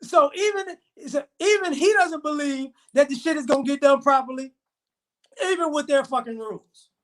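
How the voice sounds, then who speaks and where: A man ranting as he tells a story, swearing often and acting out the dialogue of the people in it. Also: very high voice. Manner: profane, heated, fast retelling with quoted dialogue. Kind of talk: storytelling rant to camera.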